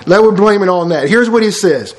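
A pastor preaches a sermon in a folksy, wandering style, slipping everyday stories in between Bible verses and using words like "y'all" and "ain't." His voice sits high with lively intonation and a slightly quick pace, heard in a roomy space on poor-quality audio.

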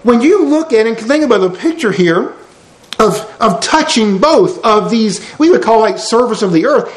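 A man's voice: high voice, animated, moderate pace. A man preaching a sermon, folksy and emphatic, with lots of rhetorical questions. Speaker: pastor. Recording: roomy church hall sound.

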